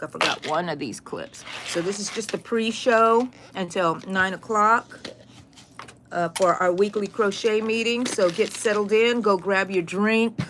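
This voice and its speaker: A middle-aged woman hosts a crochet channel livestream from her craft room, chatting casually and greeting viewers by name. Her voice is mid-range and a bit bright, with a little hiss or hum in the audio.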